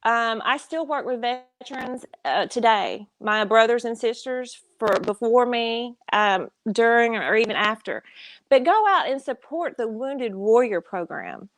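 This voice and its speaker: A woman's voice: on the high side, animated, unhurried, no room sound. A woman with a Southern US accent, a veteran guest speaking earnestly on a live stream over a video call.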